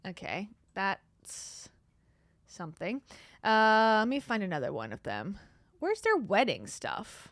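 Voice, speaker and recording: A woman's voice: mid-range voice, big pitch swings, slow pace, soft background music. A woman hosting a gossip commentary show, talking in a sarcastic, scoffing way. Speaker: commentary host.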